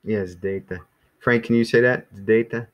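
Casting: man with a lowish voice, easygoing teacher who rambles and restarts with many ums. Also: fairly even intonation, normal speed, dull audio. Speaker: Greek teacher. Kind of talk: casual classroom teaching.

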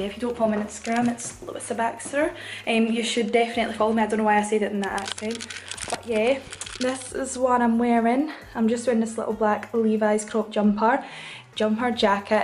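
Woman, young adult, excited vlog chat, slightly high voice, hotel room. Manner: chatty, excited, rushed. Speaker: fashion vlogger.

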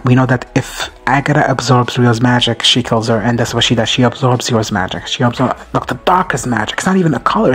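A man casually recapping a TV episode, rambling, swearing and excitable. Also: medium pitch, husky. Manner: rambling, profane and excitable, often laughing. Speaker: video host reacting to a TV show.

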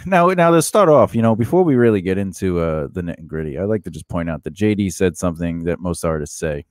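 A man's voice: low-pitched, lively intonation, quick pace, a little mellow, no room sound, studio quality. A man co-hosting a podcast in casual comedic chat, rambling and joking, with many fillers and restarts. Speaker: podcast co-host.

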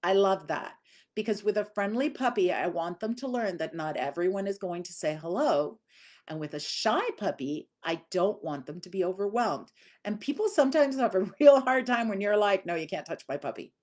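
A chatty woman talks through dog training tips in an easygoing live Q&A. Her voice sits at a middle pitch, and she slips into little acted-out voices to show how people and dogs behave. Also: moderate pace, darkish tone. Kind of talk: live Q&A teaching.

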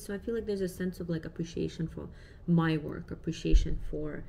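Casual mom vlogger in her thirties, warm low register, talks to camera with lots of fillers. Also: brisk, vocal fry, a little hiss or hum. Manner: chatty, reflective, uses many fillers. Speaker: parent vlogger.

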